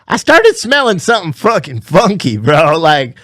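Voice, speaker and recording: A man telling a gym story in a put-on Southern accent, excited and profane. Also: a little high, normal speed, dry recording, clean studio sound, full character voice. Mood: amused. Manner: excited, profane, laughing, animated. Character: himself as a worked-up Southern gym guy. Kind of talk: comic storytelling.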